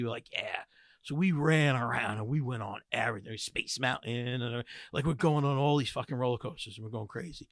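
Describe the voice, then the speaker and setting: A man's voice: medium pitch, a little fast, no echo, studio quality. A man co-hosting a comedy podcast, telling a rambling, profane story in casual chat. He is in his forties. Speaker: podcast co-host.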